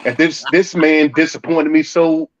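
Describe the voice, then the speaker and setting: Animated, cussing remote male panelist. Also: on the high side, a little slow, muffled recording. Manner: animated, profane storyteller. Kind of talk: casual panel chat.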